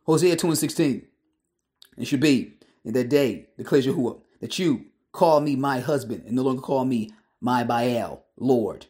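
Guy preaching hard, medium pitch, blunt and emphatic, lots of "you understand?" style questions and slang. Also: lively intonation, moderate pace, darkish tone. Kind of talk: preaching monologue.

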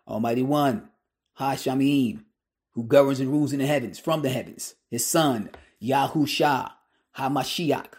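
A man's voice: mid-range voice, a little mellow. A man preaching in a monologue, emphatic and blunt, firing rhetorical questions at his listeners and mixing street slang into his sermon.

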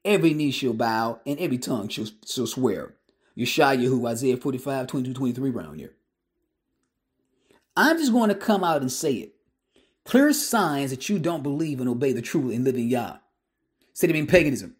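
A man delivering a fiery solo sermon, his voice sitting at an ordinary middle pitch. He talks emphatically, throws rhetorical questions at the listener and slips casual street slang into his preaching. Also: sing-song, normal speed. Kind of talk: preaching monologue.

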